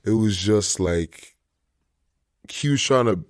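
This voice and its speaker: A man's voice: fairly low pitch, takes it slowly, no room sound, studio quality. A young man, a DJ, telling stories in a laid-back casual chat full of slang. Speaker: DJ guest.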